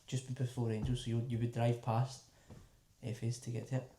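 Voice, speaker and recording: A Scottish man co-hosting a casual podcast, telling stories in a rapid, sweary, laid-back way. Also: medium pitch, level tone, mellow, reverberant. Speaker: podcast co-host.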